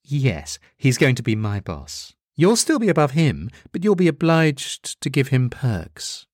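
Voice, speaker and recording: A man's voice: medium pitch, wildly swooping pitch, unhurried, no room sound, studio quality, pitched above the performer's own voice. A man reading the part of a male demon underling who is crude, sly and eager to please. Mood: matter-of-fact.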